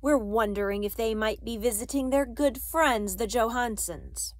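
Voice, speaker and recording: A woman's voice: on the high side, moderate pace, dry recording, studio quality, close to an everyday voice. Woman playing a sly German officer. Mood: insinuating. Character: calm but menacing German officer.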